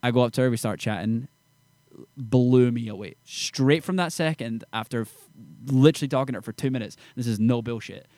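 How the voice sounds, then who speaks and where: A man's voice: mid-range voice, no room sound. A young man, a songwriter, telling stories animatedly in casual chat full of slang. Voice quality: fast, animated storytelling with slang. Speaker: songwriter guest.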